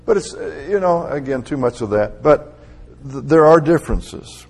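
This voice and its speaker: Middle-aged male preacher, husky and gravelly, conversational delivery with emphatic swells. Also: on the high side, lively intonation, moderate pace, a little mellow. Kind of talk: sermon.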